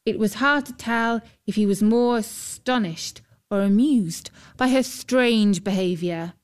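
A woman narrating a fairy tale in a calm, measured storytelling manner. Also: fairly high pitch, clear, resonant tone.

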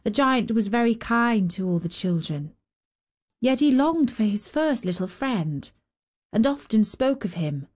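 A woman hosting and narrating a fairy tale with gentle, expressive storytelling. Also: a little high, unhurried. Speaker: storyteller and host.

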